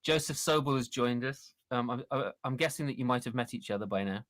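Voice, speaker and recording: A man hosting a casual interview, talking in a halting way with many fillers and frequent laughter. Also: mid-range voice, a bit bright, no room sound. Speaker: interview host.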